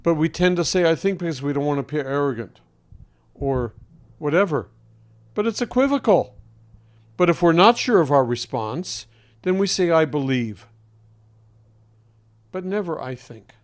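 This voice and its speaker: Deliberate, emphatic man, higher voice. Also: lively intonation. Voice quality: singer's trained voice. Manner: deliberate and emphatic, with pointed pauses. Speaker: voice coach. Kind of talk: speaking to an interviewer.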